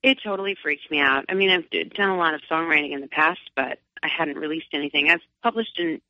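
A chatty, middle-aged woman from Long Island, New York, talks fast as a singer and guest in a casual interview. She's animated and acts out her own thoughts in a higher voice. The recording is dry, dull, and lo-fi.

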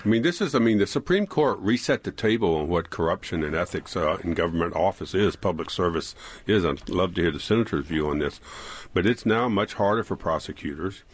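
A man with a Southern accent, a regular political reporter on a radio panel, talking in quick, wry quips. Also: deep voice, animated, breathy edge, no echo.

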